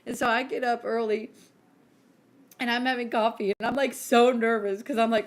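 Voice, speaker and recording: A woman in her thirties with a somewhat high voice co-hosts a casual podcast. She tells stories with animated energy and acts out the other people's lines as she goes. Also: moderate pace. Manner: animated storyteller who acts out quotes. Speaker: podcast co-host. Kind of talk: casual chat.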